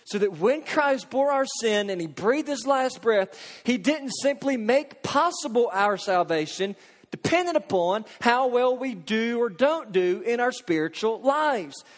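A man preaching a sermon, earnest, posing rhetorical questions and dropping into hushed intensity. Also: very high-pitched, expressive, measured pace. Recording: long hall reverb.

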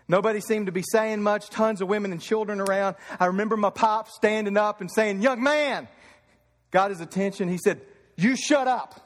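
Fervent high-voiced preacher, echoing hall. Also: male voice, flat delivery, fairly quick, few pauses. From Kentucky. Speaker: pastor. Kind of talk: sermon.

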